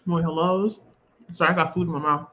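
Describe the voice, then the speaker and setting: A woman's voice: lowish voice, fairly even intonation, fairly quick, fairly bright tone, slight background noise. Chatty woman streamer, dull lo-fi audio. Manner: chatty and laughing, loose informal speech. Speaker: livestream host. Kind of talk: casual livestream chat. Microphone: video call.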